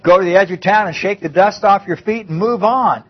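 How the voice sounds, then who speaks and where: A man's voice: high voice, brisk, breathy edge, dull audio. A man preaching a conversational Bible-teaching sermon, often repeating and restarting his phrases.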